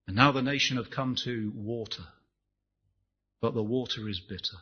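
A man's voice: medium pitch, normal speed, breathy edge, muffled recording. A man preaching a sermon, impassioned, rising and falling, asking the congregation rhetorical questions.

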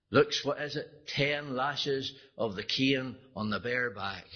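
Earnest male preacher, husky voice, dull lo-fi recording, pleading sermon delivery. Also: mid-range voice, takes it slowly. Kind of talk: evangelistic sermon storytelling.

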